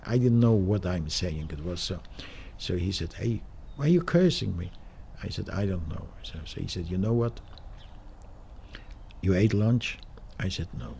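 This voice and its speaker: An older man speaking with a very low, mellow voice, telling his memories in halting, emotional phrases full of restarts. A faint noise hums under the interview. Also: creaky. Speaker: Holocaust survivor interviewee. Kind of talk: documentary interview, recounting memories.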